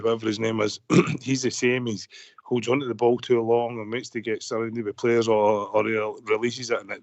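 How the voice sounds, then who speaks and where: A man's voice: lowish voice, little pitch movement, normal speed, creaky, a little mellow, no echo. A Scottish man calling a fan radio phone-in, talking in a frustrated, rambling way with many restarts, over a muffled line. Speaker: caller.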